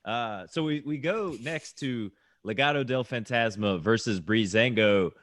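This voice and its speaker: A man's voice: mid-range voice, unhurried, fairly bright tone, dry recording. A man hosting a casual podcast, steering the conversation and moving it along. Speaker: podcast host. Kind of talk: casual chat.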